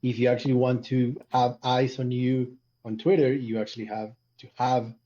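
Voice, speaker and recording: A man's voice: medium pitch, moderate pace, muffled recording. A man arguing his point with energy in a casual online group discussion. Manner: animated, emphatic, arguing a point. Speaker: community panelist.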